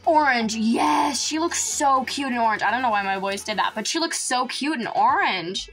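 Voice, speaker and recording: Gushing high-voiced woman gaming host. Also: lively intonation, fairly quick, fairly bright tone, soft background music. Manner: gushing, gasps and squeals often; playful, breaks into laughs. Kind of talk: excited let's-play commentary.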